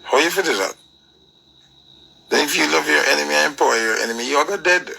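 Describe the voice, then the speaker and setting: A man's voice: fairly high pitch, fairly quick, gravelly, noisy background. A man with a Jamaican accent delivering a preachy, emphatic rant full of rhetorical questions. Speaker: commentator. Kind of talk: ranting commentary.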